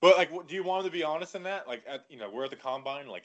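A man co-hosting a podcast in casual sports chat, animated and talking in quick bursts full of "like". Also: a little high. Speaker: podcast co-host.

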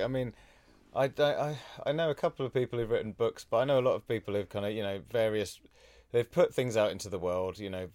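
A man's voice: fairly low pitch, a little mellow, no echo, clean studio sound. A man hosting a podcast, chatting easily and agreeing often with his guest. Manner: easygoing and agreeable, many "yeah"s. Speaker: podcast host. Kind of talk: casual podcast chat.

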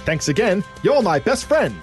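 A man voicing a friendly ordinary guy stringing along a scammer, in a deliberately bad Australian accent. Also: high voice, very animated, soft background music. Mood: breezy.

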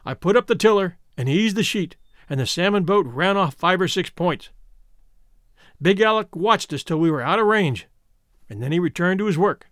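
A male narrator tells a first-person adventure tale in a high, animated voice. The recording is dry and close, with no room sound at all. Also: moderate pace, no echo. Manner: expressive reading with lively pitch. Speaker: audiobook narrator.

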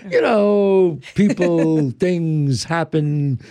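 A man's voice: a little high, extremely slow. An older man from New York, a guest telling family stories in an interview and acting out his relatives' voices. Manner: animated, acts out relatives' voices. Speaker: guest, actor and writer. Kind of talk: storytelling interview.

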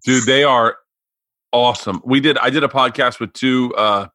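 A man's voice: medium pitch, normal speed, sharp tone, no echo. A man hosting a podcast, telling stories in loose, profane casual chat. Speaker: podcast host.

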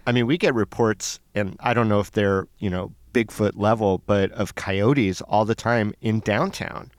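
A man co-hosting a casual talk show, wry and joking with animated asides. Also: lowish voice, normal speed, dry recording, studio quality. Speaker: podcast co-host. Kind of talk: casual chat.

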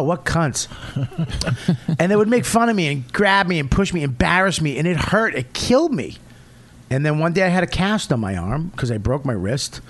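Middle-aged comic, high-ish voice, swears freely, storytelling with blunt loud outbursts. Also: male voice. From Boston area, USA. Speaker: comedian guest. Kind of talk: casual podcast chat.

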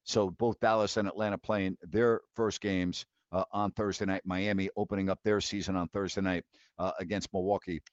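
A man in his fifties hosts a live call-in sports talk show, ranting bluntly with incredulous laughs and frequent restarts. His voice sits low with a level tone and moderate pace. The lo-fi mic sounds dry and dull, with no echo.

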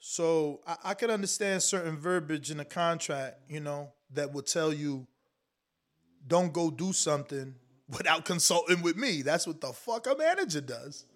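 High-pitched guy w/ ranting to his stream, slangy, emphatic. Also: normal speed. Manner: animated, slangy, emphatic, talks straight to the audience. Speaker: boxing commentary show host. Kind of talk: casual livestream talk reading super chats.

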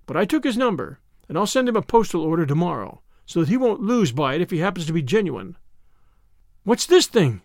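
A man voicing a bold, quick-witted young woman adventurer who talks in a brisk, self-assured way, in an audiobook reading. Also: high voice, sing-song, a little mellow, dry recording, studio quality.

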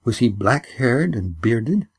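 A man's voice: medium pitch, big pitch swings, slow pace, husky, full character voice. A man voicing a hard, wary village widow who speaks bluntly and keeps her guard up.

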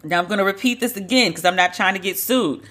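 Woman podcast host, mid-pitched and bright, casual commentary, wry and unfiltered. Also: quick pace. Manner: blunt, profane, wryly joking. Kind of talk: casual pop culture commentary.

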